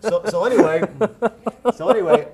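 A man telling a wild story as a guest speaker, in an animated way and acting out the voices he quotes. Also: sits high, normal speed, background noise.

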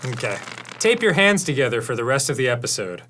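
A man's voice: medium pitch, sing-song, brisk. A man co-hosting a casual party game, playful and self-mocking, laughing a lot. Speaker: co-host. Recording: noisy background.

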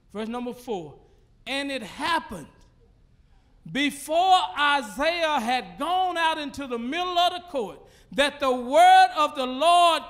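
A man preaching with a Southern US accent, his voice pitched very high and ringing bright. He draws out his phrases and calls out to the congregation from the pulpit of a church sanctuary. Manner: preaching with rising call-and-response fervor, drawn-out phrases. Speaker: pastor. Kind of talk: sermon.

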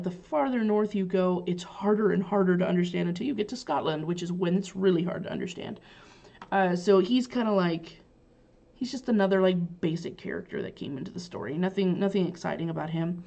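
Woman teacher, low dark voice with vocal fry, relaxed chatty recap, dull lo-fi recording. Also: a little fast. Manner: chatty, paraphrasing lines loosely with many fillers. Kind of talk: casual recap of a play for students.

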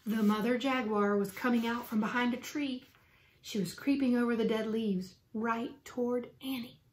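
A woman reading a children's chapter book aloud for students, with clear and expressive storytelling. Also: a little high, normal speed, slight background noise.

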